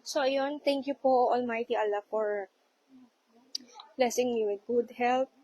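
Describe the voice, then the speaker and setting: A woman in her forties with a Filipino accent speaks to her livestream viewers. Her voice sits a little high, and she talks politely and warmly, often pausing or restarting her sentences. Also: steady tone, slight background noise, rough recording. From Philippines. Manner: polite and heartfelt, with frequent hesitations. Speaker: low-carb vlogger. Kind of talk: casual livestream talk.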